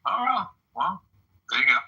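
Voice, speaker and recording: A man's voice: sits high, very animated, moderate pace, bright, forceful tone, highs cut off. A man moderating a casual audio chat room, dry and hesitant, with lots of filler words.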